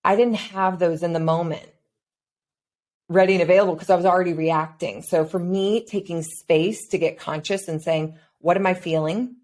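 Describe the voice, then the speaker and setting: A woman's voice: fairly low pitch, steady tone, moderate pace, a little mellow. A woman hosting a podcast, reflectively retelling her own past thoughts in casual conversation. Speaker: podcast host.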